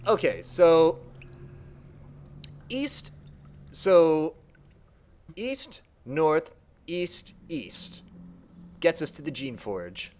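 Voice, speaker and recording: A man streaming a game, talking casually and working through his choices out loud. His voice sits fairly high for a man. It rises and falls in a very lively way. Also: extremely slow, long pauses. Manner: casual, chatty, thinking aloud. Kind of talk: let's play commentary.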